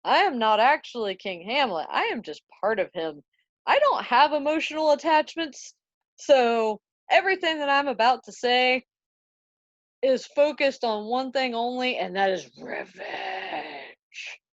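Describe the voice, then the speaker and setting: A woman voicing a vengeful dead king's ghost in casual slang, with slow dramatic emphasis, on a dry, dull recording. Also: high voice, expressive, dry recording.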